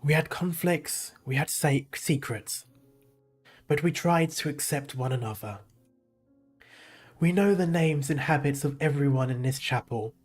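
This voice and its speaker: A man voices an aged, remorseful priest who speaks slowly and gravely, with a faint tremble in his delivery. His pitch sits in an ordinary middle range. Quiet game music plays underneath. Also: lightly acted. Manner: slow, solemn reading with a slight shake. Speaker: game player reading dialogue aloud.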